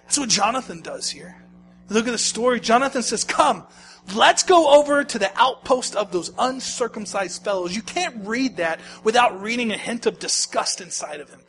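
A man preaching with a high, bright, cutting voice, rising to shouts and dropping to near-whispers. He sounds middle-aged, and a faint hum sits under the recording. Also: animated, normal speed. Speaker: pastor. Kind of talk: sermon.

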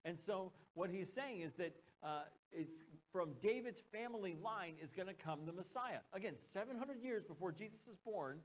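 A man's voice: high voice, animated, moderate pace, rough recording. A man with an American accent preaching a sermon as a pastor, conversational, with joking asides and questions to the congregation.

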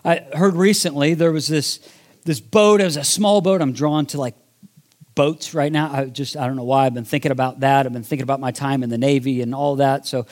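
A man's voice: medium pitch, steady tone, brisk, darkish tone. A male pastor giving a sermon, telling a story conversationally and then posing earnest questions.

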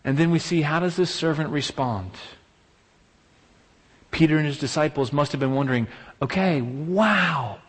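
A man's voice: a little high, moderate pace, long pauses. A man preaching a sermon, emphatic, piling up repeated rhetorical exclamations. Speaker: pastor. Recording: long hall reverb.

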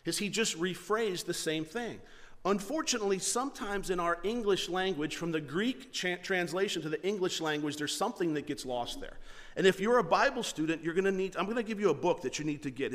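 A man's voice: sits high, a bit bright, long reverb tail. A man who is a pastor, preaching a conversational sermon, often restarting and repeating words as he explains.

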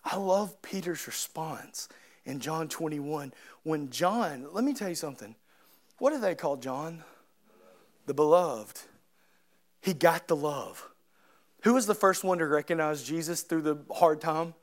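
A man's voice: animated, a little slow. Impassioned preacher, man. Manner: swings from soft and low to loud, high and impassioned. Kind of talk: sermon.

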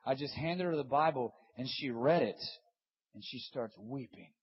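A man in his thirties delivers a sermon with a husky edge, his pitch sitting in an ordinary middle range. He swings from loud, urgent emphasis to hushed, earnest passages. The recording sounds dull and lo-fi. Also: normal speed. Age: 30s. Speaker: preacher.

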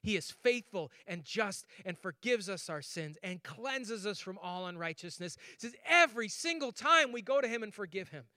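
A male pastor giving a sermon in a bright, high voice. He tells stories with lively, acted-out voices and laughs as he talks. The sound is dry and close. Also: moderate pace, hardly any pauses, no echo.

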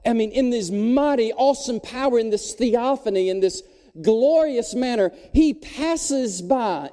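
Animated pastor preaching in a reverberant hall. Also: male voice, extremely high pitch, unhurried. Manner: animated preaching with crowd call-and-response. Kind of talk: sermon. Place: church sanctuary.

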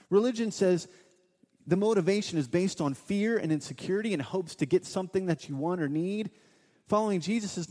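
A man in his thirties preaching a sermon as a pastor, earnest and quick to act out the voices of people in his stories. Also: high voice, dark tone. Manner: earnest, acts out quoted voices in his storytelling. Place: church sanctuary. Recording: long hall reverb.

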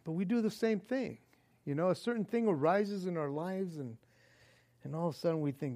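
This male pastor speaks briskly in a high-pitched voice. His sermon is animated: he acts out panicked pleas and laughs often between his points.

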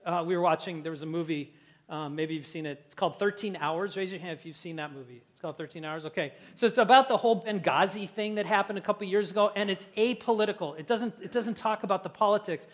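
A pastor preaching a conversational sermon and joking with the congregation. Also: male voice, sits high, quick pace.

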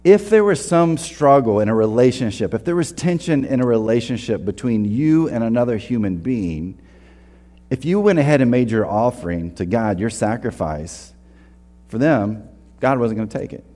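A man's voice: mid-range voice, expressive, normal speed, dark tone, long reverb tail. A man preaching a sermon in a casual, earnest way, often restarting his sentences and acting out quotes. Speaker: pastor. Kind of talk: conversational sermon.

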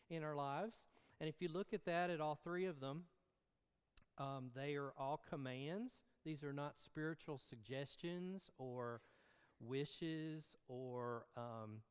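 A pastor preaching a sermon in an earnest way, with filler ums and self-corrections. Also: male voice, a little high, clean tone, in a large hall.

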